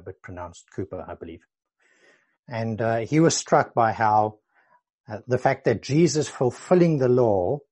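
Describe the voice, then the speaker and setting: An earnest male preacher delivering a sermon, his voice mellow and a little husky. He explains patiently and repeats key phrases to drive each point home. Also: medium pitch.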